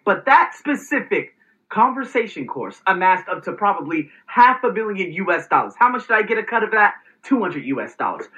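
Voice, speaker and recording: A man hosts a motivational vlog in an energetic, emphatic way, dropping salty words as he goes. His voice is forceful and bright, rising and falling in lively swings. The audio is dull and lo-fi. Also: high-pitched. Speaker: host.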